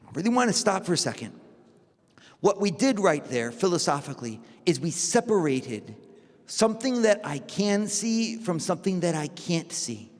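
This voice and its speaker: A man, a priest, giving a lively conference talk full of rhetorical questions and acted-out dialogue. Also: high-pitched, moderate pace. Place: large conference hall. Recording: long hall reverb.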